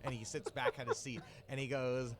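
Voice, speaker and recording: A man's voice: medium pitch, huge pitch swings, a little fast, crowd noise. A man narrating as game master of a tabletop game, casual and laughing often.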